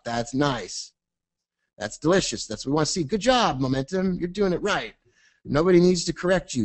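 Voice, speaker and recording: A man presenting a trading webinar, talking fast and casually with jokey, self-deprecating asides. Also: medium pitch, a little mellow.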